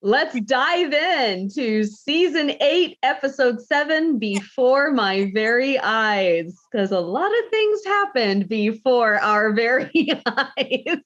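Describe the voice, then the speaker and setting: A woman's voice: on the high side, expressive, slow pace, few pauses, a bit bright, lo-fi sound. A woman hosting a podcast, leading the casual chat in a bubbly way and laughing often. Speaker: podcast host.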